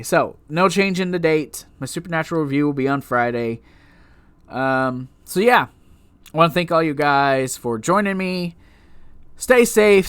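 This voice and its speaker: A man rants through a TV episode review, his pitch leaping up and down as his exasperation builds. He talks casually and often restarts his sentences. The sound is close and dry, with no room around it. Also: clear, resonant tone, no echo. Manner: exasperated, animated ranting with frequent restarts.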